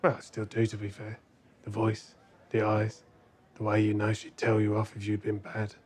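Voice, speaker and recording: A man's voice: fairly low pitch, completely flat delivery, moderate pace, lightly acted. An actor playing a blunt, dry grown man, in a TV comedy scene. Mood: grudging, dry. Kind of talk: TV comedy dialogue.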